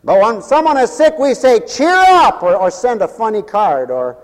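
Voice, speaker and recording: A fervent male preacher with a high voice delivers a revival sermon, his words rolling out in rhythmic repetition. He swings between ringing exclamations and low muttered asides. The sound rings with the long reverb of a church hall. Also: big pitch swings, moderate pace, darkish tone. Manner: repetitive, rhythmic phrasing with interjected hallelujahs.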